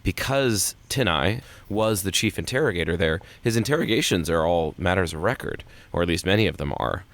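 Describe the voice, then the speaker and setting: A man talking as an author guest in a casual podcast interview, animated and emphatic. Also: fairly quick, few pauses. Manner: animated, emphatic pitch jumps.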